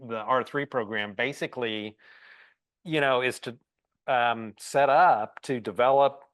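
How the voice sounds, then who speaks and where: A man's voice: medium pitch, unhurried, fairly bright tone, dry recording. A man hosting a podcast, talking casually and hesitantly as he searches for his words. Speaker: podcast host. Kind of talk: casual interview talk.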